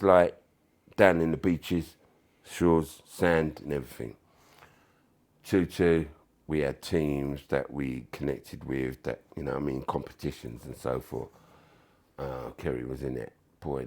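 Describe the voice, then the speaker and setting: An older man with a London accent telling animated stories as a podcast guest, swearing and acting out quotes with loud bursts. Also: a bass voice. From England. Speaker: podcast guest, former footballer. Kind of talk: casual storytelling.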